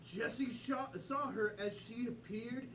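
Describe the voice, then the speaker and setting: A man's voice: very high-pitched, slow. A man improv performer narrating a made-up story on stage, wry and laughing as he talks. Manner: wry, laughing while talking. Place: live comedy theater with audience. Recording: distant mic, crowd and background noise.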